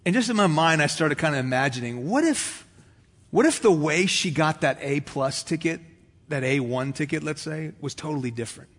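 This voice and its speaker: A pastor preaching a sermon, telling a story and acting out the voices of people in it, with conversational asides to the congregation. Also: male voice, fairly high pitch, expressive, normal speed, a bit bright. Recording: long hall reverb.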